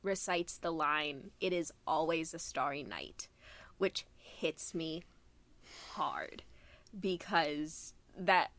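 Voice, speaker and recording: A woman co-host from Wisconsin speaks slowly and with feeling, gushing about music she loves. Her voice sits a little low and is recorded dry and close, with no room sound. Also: lively intonation, fairly bright tone, dry recording. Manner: earnest and gushing, long story-telling runs. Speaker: podcast co-host. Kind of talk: casual chat about a musical.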